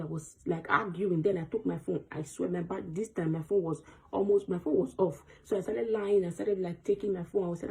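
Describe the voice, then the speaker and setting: A woman telling a personal story to camera in a storytime vlog, fast and breathless, acting out the voices of the people she quotes. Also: fairly low pitch, fairly even intonation, gravelly, warm tone, poor audio. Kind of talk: storytime vlog, recounting an experience.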